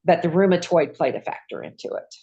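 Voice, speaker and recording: A woman, a retired nurse, telling her own patient story in a lively, folksy conversational way. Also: low-pitched, a little fast, gravelly, muffled recording. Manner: lively, acts out voices in quoted dialogue. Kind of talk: personal storytelling.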